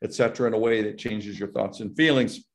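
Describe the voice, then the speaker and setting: Talking a little fast in a lowish, creaky voice, this male psychology professor explains academic material on a video call. He frequently restarts, repeats words and imitates the anxious voices of patients.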